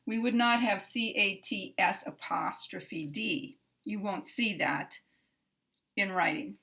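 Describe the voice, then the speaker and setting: A woman teaching English pronunciation, explaining sounds in a careful, measured way and repeating example sentences. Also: medium pitch, creaky, sharp tone. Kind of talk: slow, deliberate pronunciation lesson.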